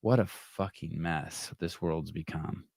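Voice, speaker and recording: A man hosts a casual podcast livestream, his voice sitting very low. He rambles wryly and swears freely. The sound is close and dry, with almost no room in it. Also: slow, creaky, darkish tone, breathy edge, no echo. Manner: rambling, profane, wry. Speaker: podcast host.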